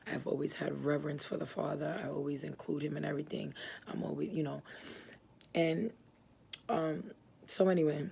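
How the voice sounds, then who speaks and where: Woman, gravelly husky voice, flat delivery, rambling earnest testimony with lots of "um"s. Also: deep voice. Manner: earnest, rambling, many fillers and restarts; moved and emotional as she tells it. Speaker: church member giving testimony. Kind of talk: personal religious testimony.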